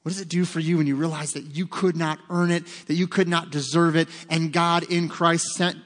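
A man's voice: a little high, level tone, a little fast, a bit bright, in a large hall. A man preaching a sermon as pastor, earnest and emphatic, asking rhetorical questions.

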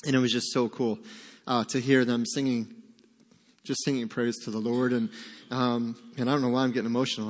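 A man preaching a sermon as pastor, speaking in a heartfelt, halting way with many fillers. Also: mid-range voice, flat delivery, long reverb tail. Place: church sanctuary.

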